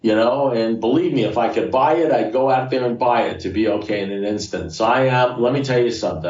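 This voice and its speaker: A middle-aged man telling his story at a recovery meeting, casual and conversational, repeating phrases for emphasis. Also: on the low side. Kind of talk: personal share at a recovery meeting. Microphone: video call. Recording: roomy, distant, dull video call audio.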